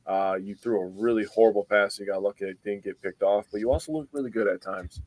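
A man's voice: on the low side, very animated, quick pace, vocal fry, a little mellow, dry recording. Laid-back joking podcast co-host man. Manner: laid-back, jokey banter. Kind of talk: casual sports podcast chat.

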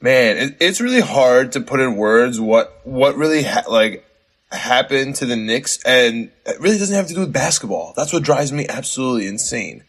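A man co-hosting a sports podcast, talking in a rambling, halting way with many restarts. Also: mid-range voice, lively intonation, husky. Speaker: podcast co-host. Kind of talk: casual sports podcast chat.

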